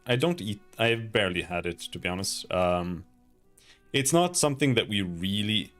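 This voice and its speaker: A man's voice: lowish voice, animated, normal speed, a bit bright, soft background music. Chatty Swedish-accented young man streaming. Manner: chatty and rambling, casual swearing. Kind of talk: casual gaming livestream chat.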